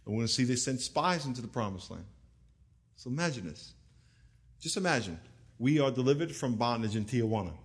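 A middle-aged male pastor preaching a sermon in an animated, humorous way, calling on the congregation to answer back. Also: medium pitch, brisk, husky.

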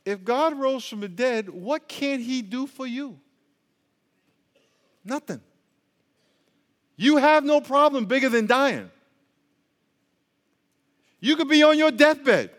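A male pastor with a fairly high voice preaches in a loose, joking way. He asks the congregation to call back to him and keeps it conversational. His voice carries the long echo of a large church hall. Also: expressive, slow pace, pauses often, fairly bright tone. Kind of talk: sermon.

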